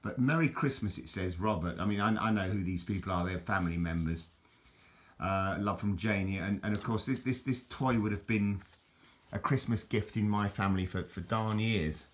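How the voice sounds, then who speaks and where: An older vlogger from southern England, with a matching accent, chats to camera in a low, steady voice at normal speed. He chuckles and drifts from one thought to the next, repeating words and restarting sentences.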